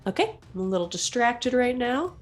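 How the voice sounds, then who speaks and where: A woman's voice: fairly high pitch, big pitch swings, moderate pace, faint music behind. A woman playing a tabletop game, chatty and hesitant with fillers. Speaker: player. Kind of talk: casual tabletop game play.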